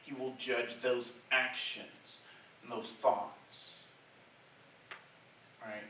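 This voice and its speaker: A man preaching a sermon as pastor, conversational, checking in with "right?", and swelling to loud emphatic passages. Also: mid-range voice, steady tone, extremely slow, long pauses. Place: church sanctuary. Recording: very echoey church hall, mic far off, faint hiss.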